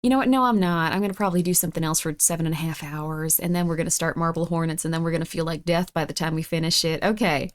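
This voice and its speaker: Speaking fast with hardly a pause, a woman chats casually during a live stream. Her reactions to chat come as sudden high squeals, and her pitch swings widely.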